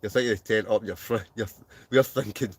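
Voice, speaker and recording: A man's voice: fairly low pitch, steady tone, moderate pace, slightly rough. A Scottish man hosting a live stream from inside a camping tent, reading out viewers' comments with lots of jokes and laughter. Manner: jokey, laughs often, reads names aloud. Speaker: wild camping channel host.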